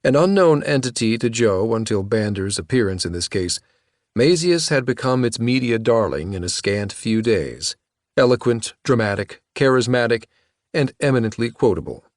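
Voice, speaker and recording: A man narrating an audiobook in a measured, even-toned reading voice. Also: mid-range voice, no echo, clean studio sound. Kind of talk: scripted narration.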